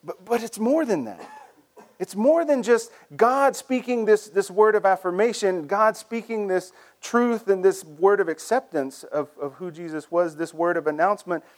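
With a high-pitched voice at a moderate pace, a man gives a sermon as pastor, conversational and animated, tending to repeat words whenever he launches a phrase.

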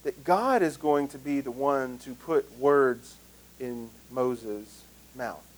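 A man's voice: mid-range voice, takes it slowly, low-quality recording. A male pastor with a Southern US accent preaching a conversational sermon, earnest and self-deprecating.

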